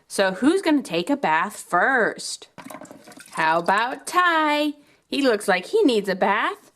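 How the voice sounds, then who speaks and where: A woman narrating a toy play for children in an animated storytelling manner. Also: fairly high pitch, slow pace, slight background noise.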